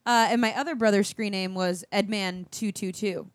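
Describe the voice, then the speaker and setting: A woman co-hosting a podcast, talking in casual banter and rattling her words off quickly. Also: mid-range voice, steady tone, no room sound. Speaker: podcast co-host.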